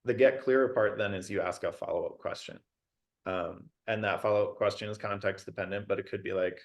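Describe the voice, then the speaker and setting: A man with a lower voice speaks as a podcast guest who coaches and mediates conflict. He lays out his method in a practical, step-by-step way, pausing on fillers as he goes. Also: fairly even intonation. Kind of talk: casual podcast conversation.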